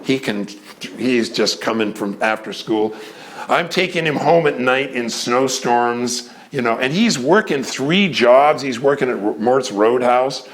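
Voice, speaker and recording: Male storyteller who runs a community theater, mid-pitched, animated, does the quoted voices. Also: measured pace. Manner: animated, acts out the other people's lines in changing voices. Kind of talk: anecdotal storytelling.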